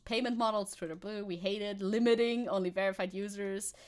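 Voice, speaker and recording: A woman's voice: medium pitch, steady tone, brisk, a little mellow. A young woman streaming casually, reading news aloud and reacting with chatty, giggly asides.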